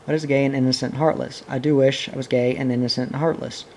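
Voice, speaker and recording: An eager, knowing little girl from a storybook, full of questions, read by a man. The delivery is mellow and plain, close to his own voice. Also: medium pitch, little pitch movement, fast talker, slight background noise, lightly acted, low-quality recording.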